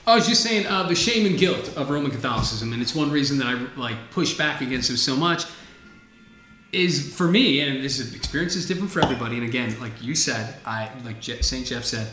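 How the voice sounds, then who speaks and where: A man co-hosting a casual faith talk, animated and candid, with casual swearing. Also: medium pitch, fairly quick, echoey room, faint music behind. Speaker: podcast co-host.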